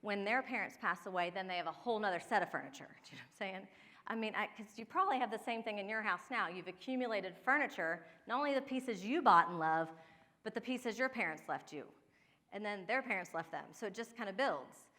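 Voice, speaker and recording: A woman's voice: medium pitch, animated, quick pace, bright, forceful tone, long reverb tail. A woman in her forties from Ohio, giving a chatty workshop talk with personal stories, laughing often and speaking straight to her audience. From Ohio, USA. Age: 40s. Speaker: downsizing and home organizing expert.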